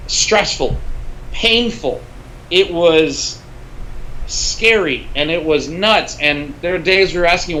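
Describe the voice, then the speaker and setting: Bright animated guy telling a sweary story on a podcast, a little higher voice. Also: a little hiss or hum, poor audio. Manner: animated, profane, mimics people in his story. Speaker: podcast guest. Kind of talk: casual storytelling.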